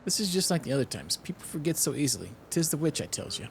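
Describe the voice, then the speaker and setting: A man's voice: a little high, big pitch swings, quick pace, creaky, a little hiss or hum. A man voicing a pompous, boastful male innkeeper who tells tales in theatrical, old-fashioned speech while reading game dialogue aloud. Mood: storytelling.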